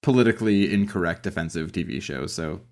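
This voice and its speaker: A man co-hosting a podcast, casually explaining background on a sitcom with a relaxed, filler-heavy manner. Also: deep voice, quick pace. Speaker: podcast co-host. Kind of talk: casual chat about a sitcom.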